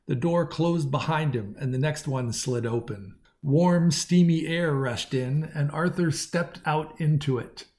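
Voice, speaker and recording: Fairly high-voiced male story narrator. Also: unhurried, few pauses, darkish tone. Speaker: audiobook narrator. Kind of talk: scripted narration.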